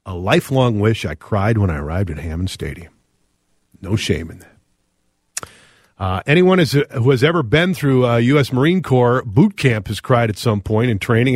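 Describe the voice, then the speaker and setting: A middle-aged radio talk show host with a medium-pitched voice reads listener texts aloud, earnest and reflective, pausing often. The recording is dry, with clean studio sound.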